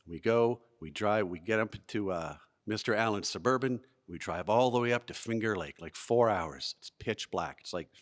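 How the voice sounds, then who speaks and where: A man's voice: on the low side, a bit bright. Man telling a funny story to a live audience. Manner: self-deprecating, comic timing. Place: museum event space before an audience.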